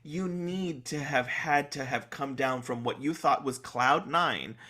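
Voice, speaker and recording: A man's voice: medium pitch, measured pace. A man guest co-hosting a podcast, chatting casually and rambling animatedly about a soap opera. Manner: animated, rambling, restarts and laughs. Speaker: guest co-host.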